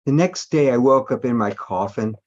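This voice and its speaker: Animated man reading aloud. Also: medium pitch, moderate pace. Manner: playful, theatrical, laughing. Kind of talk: comic dramatic reading. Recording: dull lo-fi sound.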